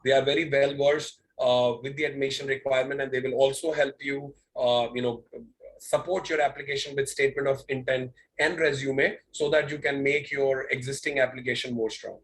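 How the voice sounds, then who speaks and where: A man's voice: medium pitch, level tone, brisk, slight background noise, poor audio. Man, college representative, video call, explanatory, filler-heavy. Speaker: college representative answering questions. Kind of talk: webinar Q&A.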